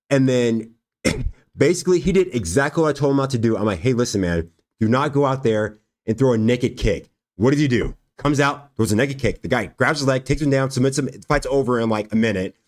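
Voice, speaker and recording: A young man hosting a livestream, casually telling a story and acting out the dialogue with frequent laughs. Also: medium pitch. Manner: animated, acts out quoted dialogue, laughs often. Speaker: livestream host and fighter.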